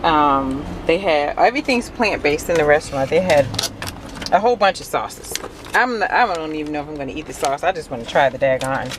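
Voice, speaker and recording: A woman chatting casually on her vlog, reviewing food in a restaurant, animated and laughing often. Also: low voice, a little fast, background noise. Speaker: vlogger.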